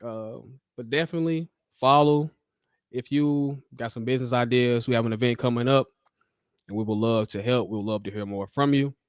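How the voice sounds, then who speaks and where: Brief: male streamer host, punchy and slangy, close dry mic, mid pitch. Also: moderate pace, clear, resonant tone, no room sound. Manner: loud, animated, slangy, teasing. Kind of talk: casual live-stream chat.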